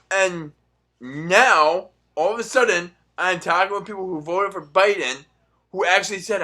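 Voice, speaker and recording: A young man ranting in a profane, sarcastic monologue, swinging between loud outbursts and muttered asides. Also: high voice, moderate pace. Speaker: political commentary vlogger.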